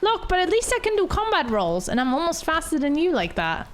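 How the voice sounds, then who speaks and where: A woman streaming a video game, chatting casually and excitably with her viewers. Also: very high voice, fairly quick. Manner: chatty, excitable, gasps and laughs. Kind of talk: casual let's-play commentary.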